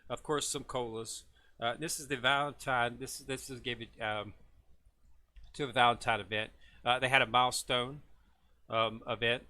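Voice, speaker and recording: A man with a bright, forward voice walks viewers through a game's new event in a casual, unscripted way. He rambles and fills pauses with lots of "uh" and "um," tripping over hard names. His pitch sits right in the middle for a man. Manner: relaxed, rambling, lots of filler words; stumbles over foreign names. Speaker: gaming video host. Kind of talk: casual game walkthrough.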